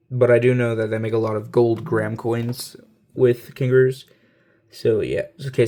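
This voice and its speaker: A man's voice: mid-range voice, a little mellow. A man casually talking through a pile of coins he is sorting, rambling with lots of fillers and self-corrections. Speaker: coin collector.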